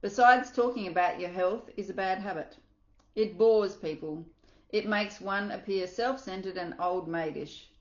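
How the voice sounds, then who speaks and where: A woman's voice: mid-range voice, measured pace, dull audio. Woman reading a self-help book aloud, roomy. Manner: earnest, with small slips and asides.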